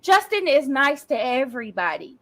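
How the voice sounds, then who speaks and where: High-pitched woman, piercing tone, furious stumbling rant full of swearing. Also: very animated, normal speed, a bit bright. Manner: heated, profane ranting with restarts. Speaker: livestreamer in a played clip. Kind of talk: angry livestream rant.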